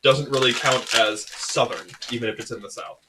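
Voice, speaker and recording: A man's voice: medium pitch, moderate pace, noisy background. A man raised in the Atlanta suburbs, joking and arguing as a player in casual tabletop game banter.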